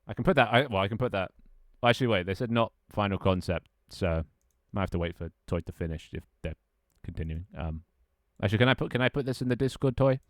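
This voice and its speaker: A man's voice: lowish voice, fast talker, hardly any pauses, dry recording, studio quality. A young man streaming live, chatting loosely with his viewers and friends, rambling and laughing as he goes. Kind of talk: casual live-stream chat.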